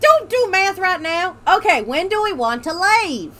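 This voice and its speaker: A woman's voice: very high voice, sing-song, a little slow, sharp tone. A woman hosting a let's play, joking around and reading game text aloud in a put-on drawl. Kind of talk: casual gameplay commentary.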